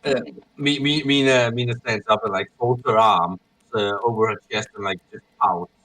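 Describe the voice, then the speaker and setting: A man's voice: on the low side, moderate pace. A man playing a tabletop game who chats casually, jokes, and stammers as he describes his character. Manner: animated, stammering, joking. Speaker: player.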